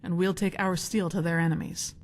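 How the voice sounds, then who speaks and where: A woman voicing an idealistic female guild leader in a game, earnest and measured. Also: on the low side, fairly even intonation, big-room sound, close to an everyday voice. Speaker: game character.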